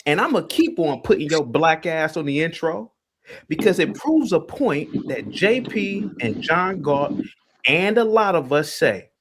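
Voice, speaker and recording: A man hosting a livestream, in the middle of a heated rant. His voice swings widely in pitch as he taunts and calls out a caller. He sits a little above the usual male pitch. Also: very animated, unhurried, background noise. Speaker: livestream host.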